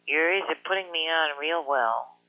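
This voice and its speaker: A man's voice: fairly high pitch, moderate pace. A man answering a prank call, curt and suspicious. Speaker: call recipient. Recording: lo-fi phone line.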